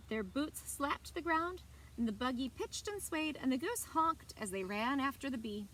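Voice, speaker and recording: A librarian reading a picture book aloud to children, expressive and animated. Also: female voice, sits high, normal speed, a little hiss or hum. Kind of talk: children's story time read-aloud.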